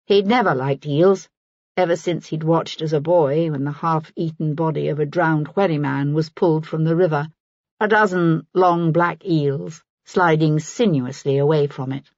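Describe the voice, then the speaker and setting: Low, husky woman reading aloud. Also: normal speed, darkish tone, no room sound, lo-fi sound. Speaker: audiobook narrator. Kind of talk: scripted narration.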